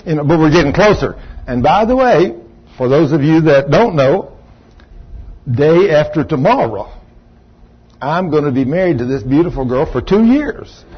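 A man's voice: a little high, big pitch swings, normal speed, slightly rough. A pastor in his sixties preaching a sermon, telling folksy, joking stories about his marriage. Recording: dull lo-fi recording.

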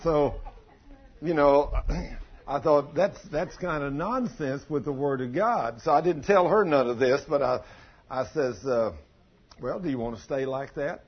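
An older man preaching a sermon, telling a folksy story in plain country grammar, with a husky voice. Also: fairly high pitch, measured pace, dull audio. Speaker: pastor.

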